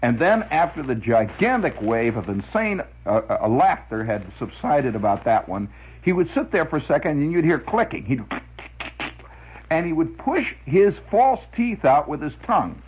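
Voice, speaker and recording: A man's voice: fairly high pitch, sing-song, moderate pace, slight background noise. A man hosting a radio show, telling a long, digressive story with chuckles and many restarts. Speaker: radio host. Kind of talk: rambling storytelling monologue. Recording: dull lo-fi radio recording.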